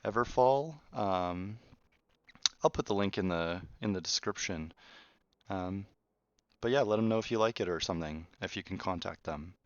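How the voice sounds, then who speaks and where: A man's voice: deep voice, normal speed, no echo. A man, a game developer, explaining his work in a casual, rambling behind-the-scenes talk full of restarts. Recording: dull, muffled, dry sound.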